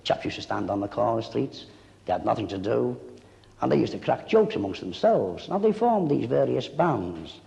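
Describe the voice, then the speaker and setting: A man looking back on the past in a rambling, animated way. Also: medium pitch, normal speed, creaky. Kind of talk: reminiscing interview. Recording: dull, echoey 1960s documentary audio.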